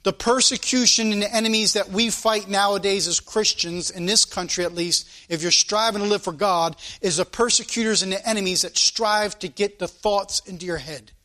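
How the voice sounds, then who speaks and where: A man's voice: high voice, steady tone, normal speed, hardly any pauses, pushed and bright. A man preaching a sermon, reading scripture aloud and pressing his points with rising emphasis.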